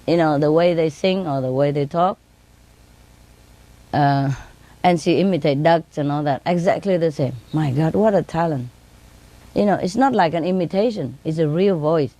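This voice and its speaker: A woman speaking English with non-native grammar, telling laughing stories about her birds and mimicking them in a high voice. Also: moderate pace, warm tone, no room sound. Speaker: bird owner telling stories. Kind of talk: casual storytelling.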